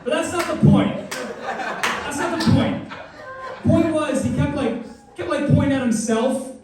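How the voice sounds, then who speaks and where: Very high-pitched and unhurried, a man in his twenties rambles through a crude stand-up routine that pokes fun at himself. He's captured from a distance in a reverberant club, where crowd noise and audience laughter fill the background.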